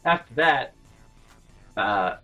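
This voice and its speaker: A man's voice: medium pitch, expressive, extremely slow, bright, forceful tone, lo-fi sound, faint music behind. A man hosting a storytime vlog, rambling and interrupting himself, dropping to mutters. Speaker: vlog host.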